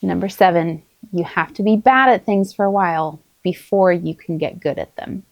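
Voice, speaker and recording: Woman, middle-aged, mother, parenting advice to camera, calm, earnest, encouraging, dry close sound. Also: fairly low pitch, normal speed, dry recording. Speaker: parenting vlogger, mother of many. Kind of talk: casual spoken advice to camera.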